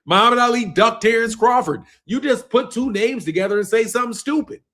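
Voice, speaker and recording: Very high-pitched and fairly bright, this young man talks fairly quickly. Hosting a boxing live stream, he laughs, curses and argues in exasperation with the people commenting.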